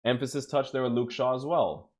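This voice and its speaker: A man's voice: medium pitch, brisk. Man talking over his gameplay. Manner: emphatic, keeps asking "right?"; casual, swears now and then. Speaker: gaming YouTuber. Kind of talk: gameplay commentary.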